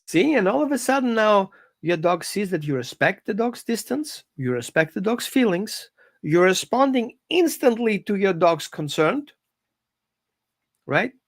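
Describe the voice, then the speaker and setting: A dog trainer giving an informal live-stream lesson from home, talking in an animated, conversational coaching way. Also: medium pitch, unhurried, no echo, studio quality.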